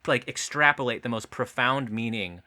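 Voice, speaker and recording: A man talks through a film review in a loose, casual chat. His voice is bright and forward, with a middling pitch, and he breaks into laughter mid-sentence and swears without a second thought. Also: moderate pace. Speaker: podcast co-host.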